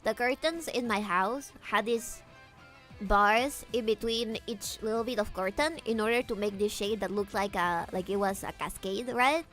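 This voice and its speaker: A woman streamer chatting casually with her viewers, animated, laughing often and swearing freely, with faint guitar music behind. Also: medium pitch, moderate pace. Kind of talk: casual livestream chat.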